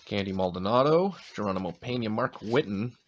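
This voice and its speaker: Man, light New England accent, deep low voice, slightly sore throat, casual card-opening commentary, wrappers crinkling faintly behind. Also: animated, a little fast, highs cut off, slight background noise. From Maine, USA. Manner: reads off player names between chatty asides. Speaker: card-opening channel host.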